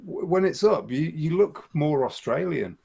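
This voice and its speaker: A man's voice: on the high side, lively intonation, a little slow, gravelly, a crowd in the background. A man playing in a tabletop game, trading teasing banter with the group. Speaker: player. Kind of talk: casual chat.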